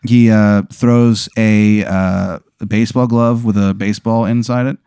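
Mellow man narrating a rambling hypothetical. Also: lowish voice, fairly even intonation, a little slow, clear, resonant tone, no room sound, studio quality. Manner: rambling, full of "like" and "kinda". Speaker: host running an improvised hypothetical. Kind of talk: improvised comedic storytelling.

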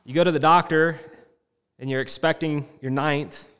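A man's voice: a little high, steady tone, normal speed, fairly bright tone, clean tone. A middle-aged man preaching a sermon with impassioned, rising and falling delivery. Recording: long reverb in a hall.

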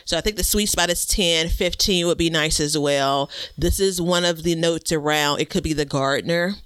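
A man co-hosting a laid-back gardening chat, his voice is bright and crisp, a little higher than most men. He talks in an easygoing, self-deprecating way with plenty of fillers. The sound is close and dry, recorded at a home computer mic. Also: normal speed, no room sound. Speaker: podcast co-host.

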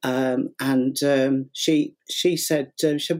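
A man's voice: medium pitch, fairly even intonation, takes it slowly, hardly any pauses. A middle-aged man telling a long story in a casual interview, rambling with fillers and acting out what people said. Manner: rambling, many fillers and repeats, acts out quotes. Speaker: guest, sugar flower artist and teacher.

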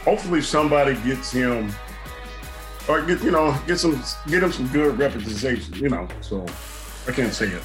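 A man's voice: medium pitch, normal speed, soft background music. Laid-back man bantering on a podcast. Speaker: podcast co-host.

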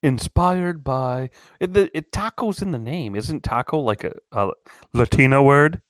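Male podcast co-host, wry joker, mid-pitched voice, dry sound. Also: unhurried, dry recording. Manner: wry, joking banter. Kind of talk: casual chat.

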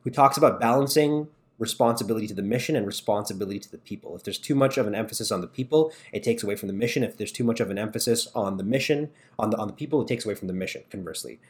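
A man from Canada, a guest on a podcast, talking fast and emphatically about leadership and asking rhetorical questions. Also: lowish voice. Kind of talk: casual podcast conversation.

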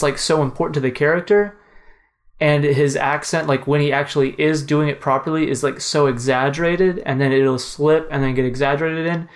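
A man co-hosting a casual film review podcast, talking enthusiastically with lots of restarts. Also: a little high. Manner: enthusiastic, rambling with restarts and fillers.

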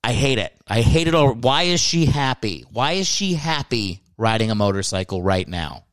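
A man's voice: medium pitch, big pitch swings, moderate pace, fairly bright tone, smooth, no room sound. Ranting man with a dry close sound. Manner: rambling, ranting, jumps into mock outrage. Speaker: podcast host. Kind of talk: comedic podcast monologue.

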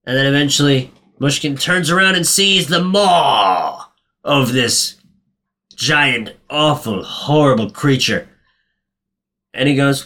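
Animated man retelling a film, swearing. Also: takes it slowly. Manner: animated storyteller, swears, acts out quotes in a high voice. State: sore throat. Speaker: podcast co-host recapping a film. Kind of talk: casual chat.

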